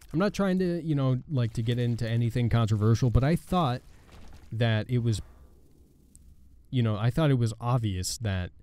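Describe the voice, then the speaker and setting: Man, gaming host, casual commentary, halting, sarcastic, mellow dark voice. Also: mid-range voice, clear, resonant tone, no echo. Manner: rambling, halting, sarcastic, many fillers. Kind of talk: casual commentary over gameplay.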